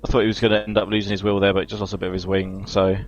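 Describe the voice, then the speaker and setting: A man calmly calling a sim racing qualifying session, with dry humour. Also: sits low, racing. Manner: laid-back, dry humour. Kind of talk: live esports race commentary. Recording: slightly dull lo-fi mic.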